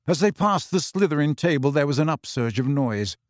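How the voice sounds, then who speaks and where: A man reading a story aloud as narrator in a measured storytelling way. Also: a little high, lively intonation, no room sound. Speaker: audiobook narrator. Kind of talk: scripted narration.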